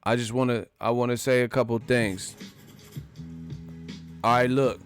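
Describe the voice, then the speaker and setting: A man's voice: medium pitch, fairly even intonation, measured pace, faint music behind. A man hosting a boxing vlog, who talks in a brash, slangy and profane way. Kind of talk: casual, brash commentary.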